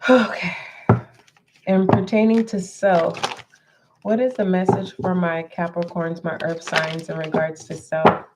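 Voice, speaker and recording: A woman giving a tarot reading to her viewers in a deliberate way, often repeating herself and clearing her throat. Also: fairly low pitch, fairly even intonation, very noisy. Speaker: tarot reader. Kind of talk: slow spoken tarot reading.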